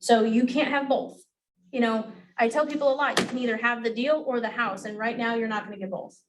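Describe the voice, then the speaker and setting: A woman with a slightly high voice runs a training class for agents. She talks bluntly, swears freely and acts out the lines she wants them to use. The mic picks her up from a distance. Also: fairly even intonation, fairly quick, noisy background. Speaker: real estate negotiation trainer.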